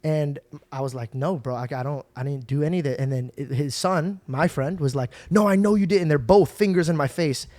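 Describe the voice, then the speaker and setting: A young man hosting a podcast, telling stories in a casual, animated way. He swears and acts out the people in his stories. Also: medium pitch, a little fast, hardly any pauses, dry recording. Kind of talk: casual storytelling chat.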